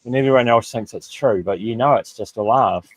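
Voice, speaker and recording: A man's voice: medium pitch, a little fast, slightly rough, no echo. Joking man with a dry voice. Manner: joking, mocking, addresses the chat. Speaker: panel guest. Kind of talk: casual chat.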